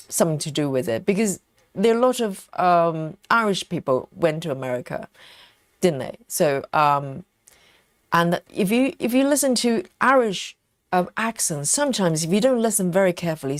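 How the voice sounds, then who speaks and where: A British woman hosts a casual live stream while cross-stitching, reading viewer comments aloud, musing over them, and often bursting into laughter. Her voice is fairly low, captured in a dry, studio-quality recording.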